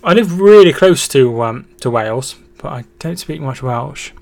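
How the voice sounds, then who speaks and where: The young man's voice is mid-range and creaky at a normal pace as he hosts a casual football live stream. He reads chat out loud, thanks viewers, gives match updates, trails off and restarts, and erupts in excited shouts at goals.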